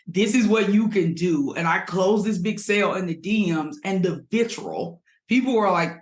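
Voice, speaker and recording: A woman's voice: fairly low pitch, moderate pace, hardly any pauses. A woman from Alabama speaks as a sales-coach guest on a podcast. She sounds enthusiastic and direct. Her voice is recorded in a roomy, echoey space. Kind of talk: casual podcast interview.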